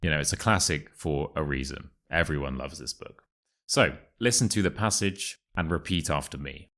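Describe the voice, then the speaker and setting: A young man with a polished Modern RP English accent leads a pronunciation lesson. His voice sits very low and deep. He reads passages slowly and deliberately, then slips into a casual, chatty tone to explain the sounds. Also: fairly bright tone. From England. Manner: clear, deliberate reading, casual asides. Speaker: accent teacher.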